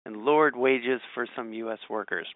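A man reading quiz questions aloud and thinking out loud in casual chat, with frequent ums and restarts. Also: medium pitch, normal speed, no echo. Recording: tinny phone-like audio.

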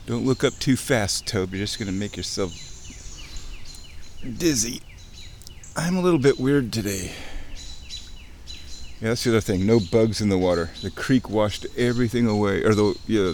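Man outdoors, chatty running commentary with excited bursts, faint noise and birdsong behind. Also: on the low side. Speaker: outdoor vlogger. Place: outdoors in a muddy creek. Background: birds chirping.

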